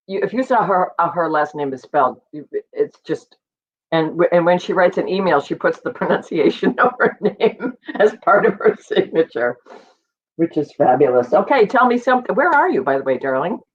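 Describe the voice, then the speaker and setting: A woman's voice: on the low side, very animated, normal speed, highs cut off. A woman hosting an online show, chatting and teasing her guests between acts. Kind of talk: casual chat.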